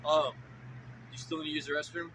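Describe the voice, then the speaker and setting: Calm, polite responding officer, quick lively speech, heard from a distance in heavy outdoor noise. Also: male voice, on the high side. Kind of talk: calm on-scene questioning. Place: outdoors by a building.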